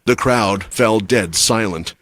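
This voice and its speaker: A man's voice: fairly low pitch, slow pace, a bit bright. A man giving scripted, dramatic story narration for a comic recap.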